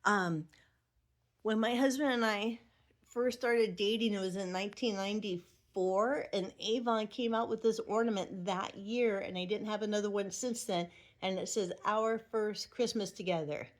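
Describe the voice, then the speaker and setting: A woman's voice: medium pitch, fairly even intonation, normal speed. A middle-aged woman chatting fondly at home by her Christmas tree, thinking aloud as she shows her ornaments. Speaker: Avon representative. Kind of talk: casual home vlog.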